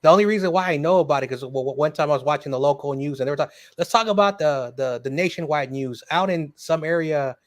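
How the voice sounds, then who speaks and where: A man in casual chat, animated and laughing, jumping in with quick asides. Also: a little high, dry recording.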